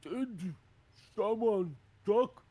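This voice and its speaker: A man voicing a hungry, dim-witted male hill giant who talks in slow, simple phrases. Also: sits high, animated, mellow, husky, pitched above the performer's own voice, heavily acted.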